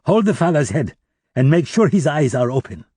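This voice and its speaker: A man's voice: fairly high pitch, sing-song, moderate pace, warm tone, slightly rough, no echo, clean studio sound, voice pushed up. A man voicing a cruel, mocking militant leader who makes cold threats, in an audiobook reading. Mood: menacing. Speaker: captor.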